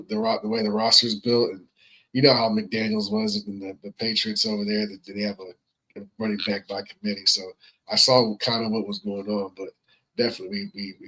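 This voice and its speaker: Husky low-voiced co-host, halting. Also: male voice, pushed and bright, poor audio. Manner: reflective, admits mistakes, halting restarts. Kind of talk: casual sports talk.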